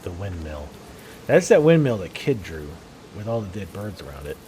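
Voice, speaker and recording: A man's voice: sits low, very animated, moderate pace, a little mellow, a little hiss or hum. A man chatting casually as he plays a video game, musing aloud and laughing often. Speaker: gameplay video host. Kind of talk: casual gameplay commentary.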